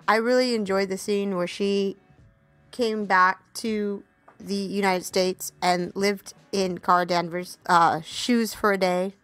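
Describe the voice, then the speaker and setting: A woman's voice: mid-range voice, fairly even intonation, slow pace, a bit bright, clean tone. A woman co-hosting a casual podcast review, chatty and candid, who swears casually and laughs easily. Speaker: podcast co-host reviewing a TV series.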